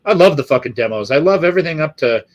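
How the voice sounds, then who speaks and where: A man's voice: on the high side, animated, rapid-fire, highs cut off. A middle-aged man from the Los Angeles area hosting a live stream, chatting casually with viewers in a rambling, profane way full of fillers.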